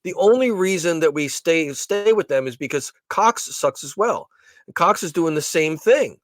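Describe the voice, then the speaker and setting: A man's voice: a little high, lively intonation, a little slow, dry recording. A man co-hosting a casual podcast chat, ranting with profanity and stumbling repeats. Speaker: podcast co-host.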